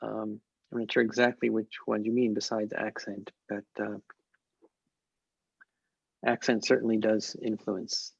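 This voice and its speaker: Gravelly-voiced man answering in a dull online call. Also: fairly low pitch, level tone, no echo. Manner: measured, thoughtful, with frequent pauses and restarts. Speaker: conference speaker answering questions.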